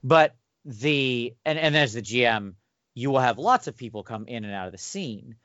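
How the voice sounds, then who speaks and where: A man's voice: medium pitch, lively intonation, moderate pace, fairly bright tone, no echo. Thoughtful man explaining tabletop game craft. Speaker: podcast co-host and game master. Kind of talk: casual chat about running tabletop games. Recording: dull dry recording.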